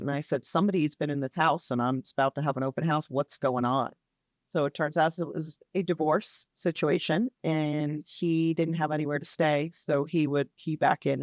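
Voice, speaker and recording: A man's voice: on the high side, dry recording. A man who is a real estate agent, telling a story on a podcast in a plain, matter-of-fact way. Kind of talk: casual storytelling.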